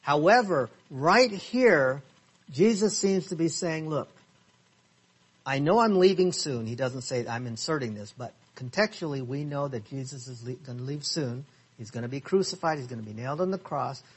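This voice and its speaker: A man teaching a Bible study class, reading verses slowly and asking the class questions. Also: mid-range voice, animated, breathy edge. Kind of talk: interactive Bible study lesson. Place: church classroom.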